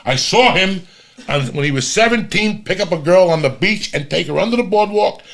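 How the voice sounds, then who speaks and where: A man's voice: high voice, animated, a little fast, creaky, a bit bright. A middle-aged man from the New York City area, hosting a podcast and telling crude, rambling stories full of profanity. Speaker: podcast host. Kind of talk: casual storytelling chat.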